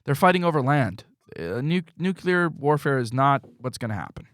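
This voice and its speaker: A man co-hosting a podcast in casual chat, ranting and swinging between loud yelling and low mutters. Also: big pitch swings, normal speed, no room sound, studio quality. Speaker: podcast co-host. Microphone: podcast mic.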